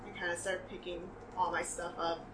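A woman's voice: on the low side, level tone, moderate pace. A woman playing a tabletop role-playing game, describing her character's actions casually with frequent laughs and fillers. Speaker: player. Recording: echoey room, distant mic, faint hiss.

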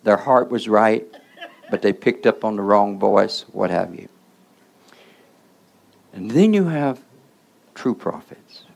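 A man's voice: lowish voice, animated, slow pace, gravelly, long pauses. A man preaching a sermon in the role of a preacher, checking in with the congregation through call-and-response asides.

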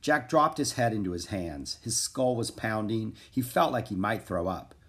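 A man narrating a children's book in an expressive storytelling voice. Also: lowish voice, moderate pace. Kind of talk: children's audiobook reading.

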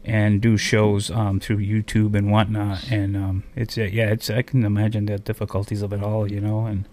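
A man's voice: lowish voice, monotone, normal speed, darkish tone. A man hosting a small community radio show, from a reservation on the Canadian border, in a loose, rambling live interview. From Akwesasne, on the Canada-US border. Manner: rambling, loose, with many fillers.

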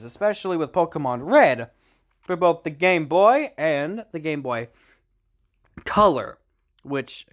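Man, podcast host, casual solo monologue, rambling, profane, snacking. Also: fairly high pitch. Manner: rambling, swears freely, snacks while talking.

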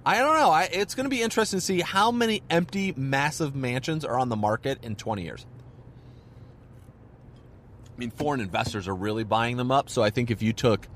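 A man's voice: medium pitch, brisk, fairly bright tone, slight background noise. A man in his thirties hosting a casual solo podcast, rambling with lots of "like" and restarts. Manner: rambling, filler-heavy, many restarts. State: hiccups. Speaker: podcast host.

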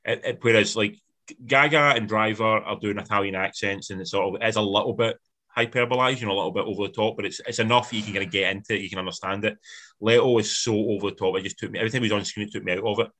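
A man's voice: fairly low pitch, steady tone, quick pace, bright, forceful tone. A man in a casual film review chat, giving blunt opinions in rambling sentences that often restart. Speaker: film podcast co-host.

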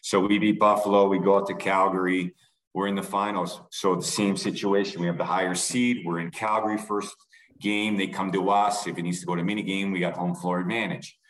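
A middle-aged man from Canada, a former athlete, telling a rambling, animated story on a podcast. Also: deep voice, brisk, rough recording. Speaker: former pro lacrosse player, guest.

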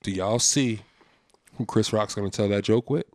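A young man co-hosting a casual podcast, joking and teasing, dropping low then bursting into laughter. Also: normal speed, dry recording. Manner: loud, joking, swings from low muttering to high laughing bursts. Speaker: podcast co-host. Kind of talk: casual group banter.

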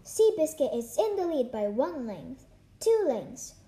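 A woman reading a story aloud, voicing an excitable old-fashioned male racetrack announcer who calls the race breathlessly. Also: high voice, echoey room. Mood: excited. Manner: breathless rapid race calling.

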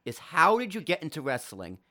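A man co-hosting a casual wrestling podcast, joking and animated, swearing freely. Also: a little high, brisk. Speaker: podcast founder and co-host.

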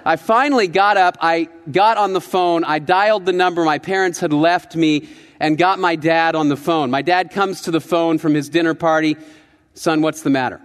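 A male pastor delivers a sermon as a relaxed, reflective story, his voice sitting fairly high for a man. The sound carries a long reverb from the church sanctuary. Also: normal speed.

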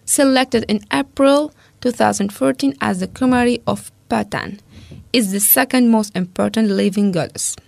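A woman co-hosting a casual talk, reading researched notes aloud steadily and pausing over hard names. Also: a little high, vocal fry, no room sound.

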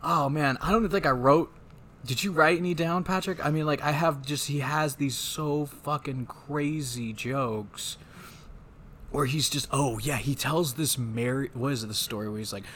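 Profane, animated podcast host man. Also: mid-range voice, normal speed, slight background noise. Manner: loose, profane, animated retelling. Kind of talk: casual movie discussion.

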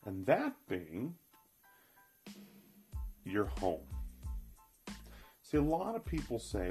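Guy with a gravelly voice explaining money stuff, punchy, says things twice, faint music underneath. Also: on the low side, huge pitch swings, takes it slowly, long pauses, warm tone. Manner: emphatic, repeats key points, addresses listener directly. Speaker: financial educator. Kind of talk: motivational finance talk to viewers.

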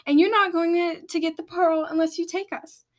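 A woman's voice: extremely high pitch, steady tone, moderate pace, voice pushed up. A woman reading aloud and voicing a stern, commanding female dragon queen. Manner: commanding, snarls.

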